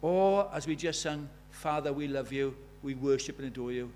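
A man preaching a sermon in a church, emphatic, asking rhetorical questions and swinging from loud to hushed. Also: mid-range voice, normal speed, a little hiss or hum.

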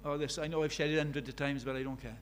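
A man's voice: fairly high pitch, fairly even intonation, racing, slight background noise. A British man preaching a sermon, telling stories with emphasis and repeating key phrases.

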